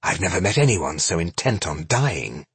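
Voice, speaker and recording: A man voicing a cold, arrogant female elf demigod with a husky voice, mocking in an audiobook scene. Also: deep voice, very animated, moderate pace, a bit bright, no room sound, full character voice. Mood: scornful. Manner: haughty, mocking. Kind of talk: audiobook character voice.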